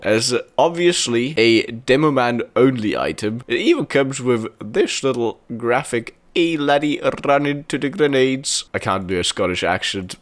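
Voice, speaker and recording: A young man casually commenting on video game items, chatty and enthusiastic, often laughing. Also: medium pitch.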